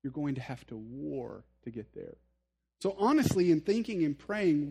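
A male pastor with a slightly high, creaky, slightly rough and a little mellow voice preaches at a moderate pace with big pitch swings. Conversational and earnest, he speaks directly to listeners and uses self-deprecating humor.

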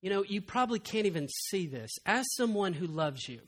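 A pastor delivers a sermon in a church with a high, bright voice. He surges to loud, emphatic peaks, then drops to near-hushed confession, repeating phrases for weight. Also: very animated, a little fast. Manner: impassioned, swinging from loud to hushed.

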